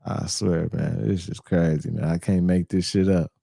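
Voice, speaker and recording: A man's voice: deep voice, fairly even intonation, normal speed, vocal fry, mellow, slightly rough, dry recording, clean studio sound. A man hosting a reaction video, talking loosely and profanely in slang, disbelieving what he watches. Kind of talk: casual reaction commentary.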